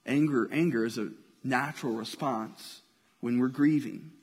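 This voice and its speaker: A man preaching a sermon, animated storytelling that swings from loud to hushed. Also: medium pitch, measured pace, breathy edge. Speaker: pastor. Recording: long reverb of a large hall.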